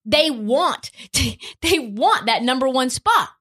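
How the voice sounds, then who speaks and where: A woman's voice: sits high, animated, slow pace, fairly bright tone. A woman hosting a sports podcast, ranting with profanity and rhetorical questions. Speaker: podcast host. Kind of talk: opinionated sports talk.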